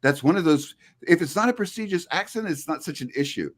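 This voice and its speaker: A middle-aged man, a linguistics professor, speaks in a slightly high voice at a fast clip during a video-call interview. He's animated and explanatory, restarting his sentences often in this conversational exchange.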